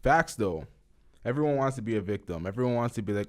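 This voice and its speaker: A man's voice: mid-range voice, lively intonation, fast. A man hosting a podcast, giving blunt, profane, offhand reaction commentary. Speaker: podcast host.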